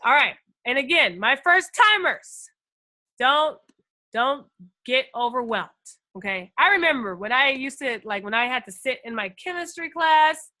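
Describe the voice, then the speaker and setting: A woman teaching a live trading lesson on screen, excitable and chatty, talking straight to her viewers and swinging from loud bursts to quiet asides. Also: sits high, normal speed. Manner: addresses viewers as guys and first timers. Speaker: trading instructor.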